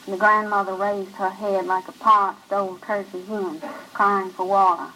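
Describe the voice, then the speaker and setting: A woman narrating a short story in a measured, even voice. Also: medium pitch, a little hiss or hum, poor audio. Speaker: reader.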